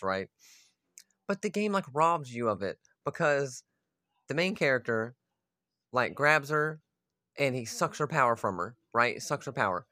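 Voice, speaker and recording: A man's voice: medium pitch, pushed and bright, no echo, studio quality. A man ranting casually about a video game story, profane and exasperated. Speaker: gaming video host. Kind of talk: casual rant.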